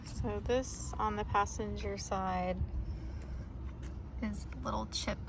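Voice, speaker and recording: A woman's voice: medium pitch, fairly even intonation, slow pace, gravelly, noisy background. A woman, vlogging casually and with exasperation outdoors beside her car. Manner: chatty, exasperated. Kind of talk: casual vlog.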